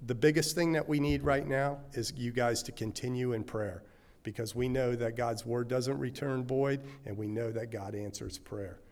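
A man's voice: mid-range voice, fairly even intonation, normal speed, darkish tone. Guy at church giving missions update, earnest, some ums, medium voice. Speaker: missions speaker. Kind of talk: church announcement.

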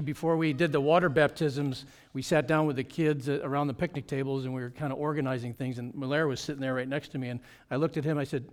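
A middle-aged man, a pastor, giving a lively report on a mission trip to his church. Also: mid-range voice. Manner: animated storytelling with frequent laughs.

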